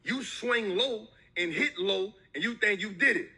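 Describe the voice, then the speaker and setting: Man, motivational talk, emphatic and repetitive, very sharp bright tone, husky. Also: high-pitched, animated, a little slow, hardly any pauses. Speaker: motivational speaker.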